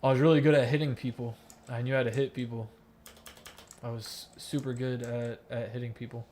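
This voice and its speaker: A young man from the Miami area talks on a gaming headset while he plays, spilling a painful personal story. His delivery is rambling and profane, full of fillers and restarts, with a flat, level pitch. A faint computer hum sits under his voice. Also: fairly quick. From Miami area, United States. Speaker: gamer in voice chat, active soldier. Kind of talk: casual storytelling during gameplay.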